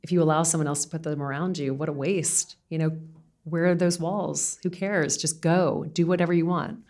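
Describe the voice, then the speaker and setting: A woman's voice: low voice, fairly even intonation, moderate pace, a little mellow. A woman, a podcast guest reflecting earnestly in casual conversation and laughing often.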